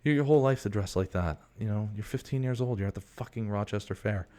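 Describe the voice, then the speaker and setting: Host, male, 40s, very low voice, loose profane rambling monologue, digressive. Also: fast, a little mellow.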